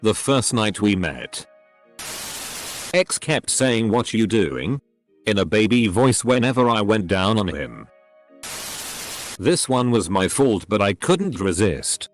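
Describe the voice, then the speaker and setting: Synthetic male narrator, text-to-speech, lowish pitch, animated intonation, scripted story reading. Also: slow, long pauses, faint music behind. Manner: synthetic, reads censored words letter by letter. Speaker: narrator reading online posts.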